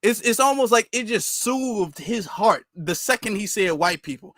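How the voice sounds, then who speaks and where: A man hosting a reaction commentary channel, talking in a mocking, sarcastic way with slow, drawn-out remarks. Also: high-pitched, animated, a bit bright, dry recording, studio quality.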